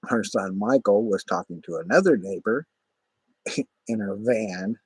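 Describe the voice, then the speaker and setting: A man with a low, slightly husky voice tells a long story in a loose, rambling way. His talk is profane and full of "you know" and "whatever," with a close, dry sound and no room around it. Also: measured pace, no echo, low-quality recording. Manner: rambling, profane, many fillers. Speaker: vlogger. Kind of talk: casual spoken storytelling.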